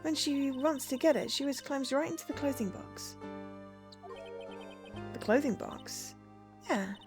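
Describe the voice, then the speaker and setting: A woman streaming a game, reading its dialogue aloud and chatting along in an animated way. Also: sits high, a little slow, music in the background.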